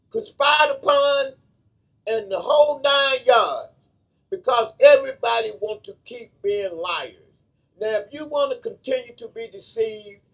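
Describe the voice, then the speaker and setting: A man's voice: very high voice, a bit bright, distant mic, rough recording. A man who founded a charity association, speaking in a fervent, repetitive, preacher-like monologue.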